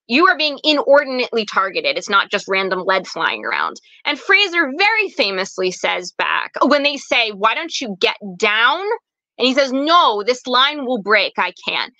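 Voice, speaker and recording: A woman's voice: medium pitch, sharp tone, dry recording, poor audio. A young adult woman from the United States, a guest author retelling a historical story with dramatic flair and frequent fillers.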